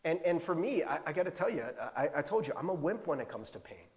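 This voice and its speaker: A man's voice: a little high, quick pace, in a large hall. A man preaching a sermon to his congregation, playful and self-mocking, acting out panic at times. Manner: animated, playful, acts out panic with rising shouts. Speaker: pastor.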